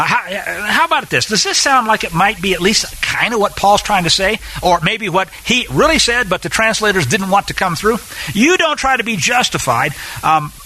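A man preaching a sermon in an emphatic, animated way, with sarcastic asides. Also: sits high, slightly rough, low-quality recording.

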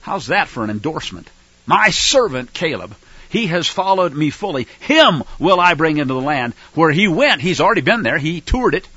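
A man's voice: on the high side, very animated, brisk, hardly any pauses, bright, forceful tone, husky, dry recording, lo-fi sound. A man preaching a sermon in an emphatic way, repeating his points and asking rhetorical questions.

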